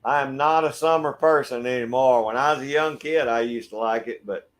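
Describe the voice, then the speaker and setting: Speaking a little fast in a mid-range voice, this middle-aged Southern-accented man from Georgia, USA, runs a laid-back livestream out of a backyard shed. He chats casually, reads viewer comments, and warmly greets viewers by name.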